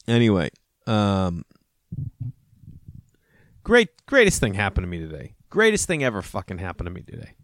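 A man's voice: on the low side, huge pitch swings, unhurried, pauses often, a bit bright, no room sound, studio quality. A man in his thirties telling rambling, profane stories in a casual monologue, acting out both sides of each conversation.

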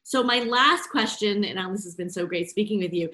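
A woman hosts an interview in a mid-pitched voice, enthusiastic and quick to laugh. She stumbles over her words at times. Her voice carries a roomy echo. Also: sharp tone. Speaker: interview host. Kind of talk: conversational interview. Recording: echoey room.

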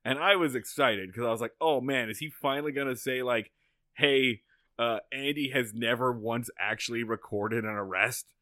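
A man co-hosting a podcast in casual comedic chat, animated and prone to loud excited outbursts. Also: mid-range voice, normal speed, no echo. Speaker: podcast co-host.

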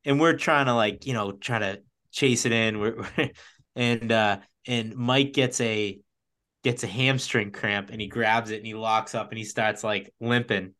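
A man's voice: lowish voice, fairly even intonation, measured pace, bright, forceful tone. A man in casual conversation, animatedly telling a funny race story and laughing as he goes.

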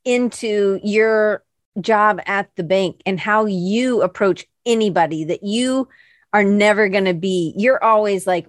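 A woman's voice: mid-range voice, animated, normal speed, no echo, clean studio sound. A woman hosting a casual conversation, chatty and friendly with playful asides.

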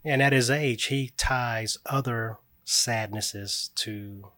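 In a studio-quality recording with no room sound, a man with a mid-range voice talks slowly, his tone sharp. He is a guest and a grieving father, and in casual conversation he earnestly recounts stories about bringing up his little boy, reflecting as he goes.

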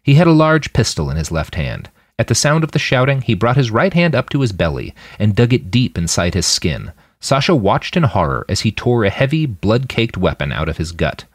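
A man narrating his own serialized fiction in an expressive storytelling manner, close to the mic. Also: lowish voice, moderate pace, hardly any pauses, no room sound. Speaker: podcast fiction reader. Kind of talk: audiobook narration.

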